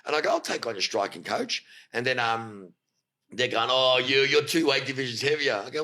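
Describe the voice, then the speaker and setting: Animated man telling a story. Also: medium pitch, moderate pace. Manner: animated, swears freely, acts out quotes. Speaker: guest, fight coach. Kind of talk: storytelling in a podcast chat.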